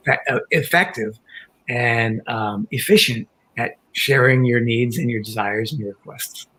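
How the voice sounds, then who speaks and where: An older man calmly explaining ideas as a guest on an online panel talk. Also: medium pitch, moderate pace, rough recording. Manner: calm, explanatory, with acted quotes.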